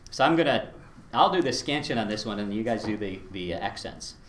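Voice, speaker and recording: A man teaching a class on Latin verse, lively and chuckling, slowing down to recite lines beat by beat. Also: lowish voice, roomy sound. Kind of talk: lecture with recitation.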